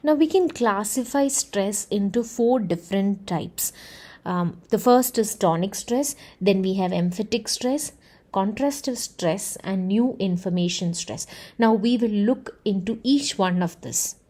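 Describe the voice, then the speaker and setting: A woman's voice: medium pitch, expressive, warm tone. A woman teaching a lesson on speech sounds, explaining carefully with frequent "uh" and "okay" checks. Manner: measured, explanatory, filler "uh" and "okay". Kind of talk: explaining phonetics.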